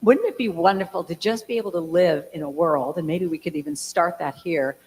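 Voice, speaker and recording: A woman's voice: on the low side, fairly quick, a little mellow, a little hiss or hum. A woman in her sixties talking casually to a church congregation, with a chatty storytelling manner full of fillers and acted-out quotes. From California. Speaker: guest speaker and singer. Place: large church hall. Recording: reverberant hall.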